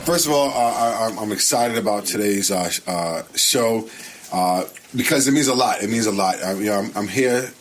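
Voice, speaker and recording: A man's voice: fairly low pitch, moderate pace, faint music behind. A man, a pastor hosting a radio interview show, talking with enthusiasm and often restarting his sentences. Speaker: host and senior pastor.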